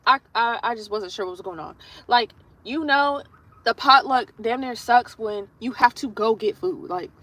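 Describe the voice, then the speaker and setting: Woman on a nail livestream, kinda high, super bright voice, blunt and cussing as she tells a story. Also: moderate pace, no room sound, low-quality recording. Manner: blunt, profane, chatty storyteller. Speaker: nail artist livestream host. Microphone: streaming setup while doing her nails.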